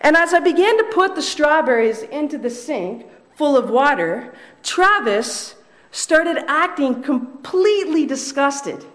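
A young woman preaching a sermon in a measured way, repeating key phrases for emphasis. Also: high-pitched, animated, fairly bright tone.

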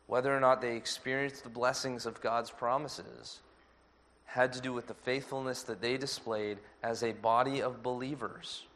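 A man preaching a sermon as pastor, measured and earnest. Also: medium pitch, level tone, a bit bright.

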